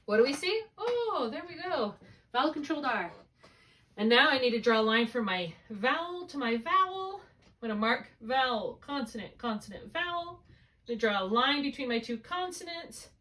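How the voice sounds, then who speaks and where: A woman's voice: high voice, sing-song, moderate pace, pushed and bright, distant mic. A woman tutoring one student in spelling, patiently thinking aloud through each step. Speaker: reading tutor.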